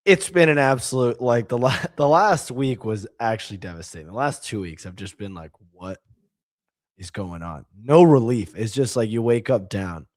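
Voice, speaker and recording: A man's voice: mid-range voice, moderate pace, few pauses, no echo, clean studio sound. A man co-hosting a podcast, talking casually and animatedly, with lots of fillers. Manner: animated, filler-heavy, reads tweets aloud. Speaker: podcast co-host. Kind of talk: casual chat.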